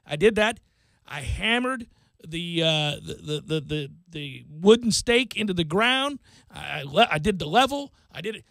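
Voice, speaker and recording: A man with a very high, bright, forceful voice hosts a talk radio show and spins an animated, self-mocking story. His voice sits dry and close to a studio microphone. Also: moderate pace, vocal fry, dry recording.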